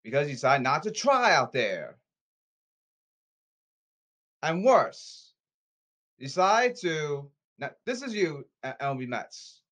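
A man scolds and demands in a repetitive rant, stumbling and restarting his words. His voice sits a little high for a man and swings widely in pitch. He speaks slowly and drags out his words. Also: big pitch swings, a bit bright. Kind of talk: angry rant at the camera.

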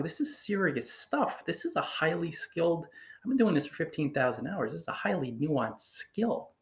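A man's voice: fairly high pitch, gravelly. A man from northern New Jersey with a northern New Jersey accent, a blogger talking casually to his listeners and firing off emphatic rhetorical questions. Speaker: blogger giving advice. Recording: echoey room.

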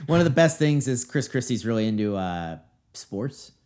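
A man's voice: medium pitch, very animated, moderate pace, darkish tone. A man in his late twenties, a pastor, chatting in an easygoing way on a podcast. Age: late 20s. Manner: easygoing, laughs along. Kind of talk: casual chat.

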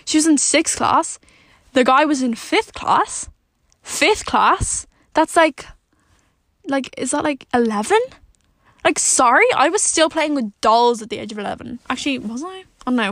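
A woman's voice: high voice, fairly bright tone, dry recording. A young woman, talking to camera from her car in a blunt, exasperated way, swearing often and filling her speech with "like.". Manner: blunt and exasperated, swears a lot, fills every pause with "like". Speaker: vlogger. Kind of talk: casual rant to camera. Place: sitting in a parked car.

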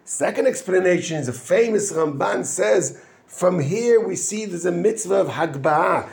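Man, rabbi, informal Torah talk; high voice with gravel, halting, mixes Hebrew terms into English. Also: expressive, a little mellow. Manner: halting, with frequent restarts and fillers; asks and answers his own questions. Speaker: yeshiva rabbi giving a weekly Torah talk.

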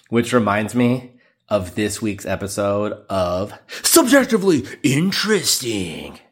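Rambling young podcast host, low. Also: male voice, wildly swooping pitch, takes it slowly, pauses often, no echo, studio quality. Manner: rambling, self-mocking, says "dude" a lot. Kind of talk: solo podcast monologue.

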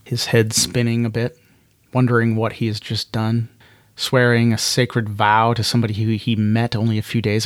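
A man narrating a solo science fiction tabletop game, with relaxed chatty asides. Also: medium pitch, no room sound.

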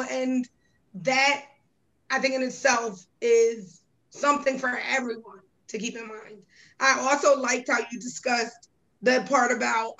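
A woman co-hosting a podcast, reflective and thoughtful as she talks. Her voice is high and bright, and she takes her time with each thought. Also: low-quality recording. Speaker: podcast co-host. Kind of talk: casual podcast chat.

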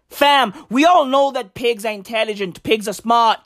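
A comedian delivering a rant full of street slang and swearing, often jumping up into shouts. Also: mid-range voice, normal speed, few pauses, no room sound, studio quality. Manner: slang-heavy, profane, animated swings into shouting.

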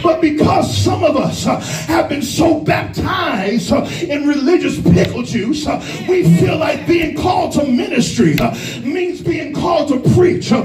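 A middle-aged man, a pastor, preaching a sermon in a shouting, rhythmic style with much repetition. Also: very high-pitched, lively intonation, takes it slowly, few pauses. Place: church sanctuary. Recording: roomy church hall with live crowd and music, mic at a distance.

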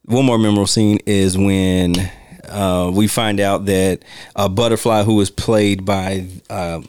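A man's voice: on the low side, fairly even intonation, measured pace, a little mellow, clear, resonant tone, no echo. A man co-hosting a podcast, talking casually about a movie, laughing often and acting out lines from scenes. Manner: laid-back, laughs often, acts out quotes. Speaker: podcast co-host. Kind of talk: casual film discussion.

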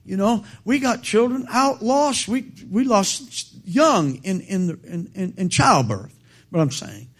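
A man preaching a sermon, quoting scripture and calling for amens, with halting restarts that build to loud, emphatic peaks. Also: high-pitched, big pitch swings, slightly rough. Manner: quotes King James scripture, calls for amens.

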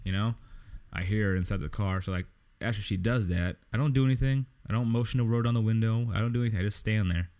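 A fast-talking man with a lowish voice hosts a podcast and delivers a long storytelling monologue, casual and profane, with animated, acted-out dialogue.

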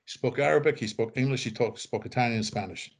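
A man's voice: medium pitch, fast. An older man telling rambling anecdotes in casual chat, acting out quoted voices and chuckling. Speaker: author telling stories.

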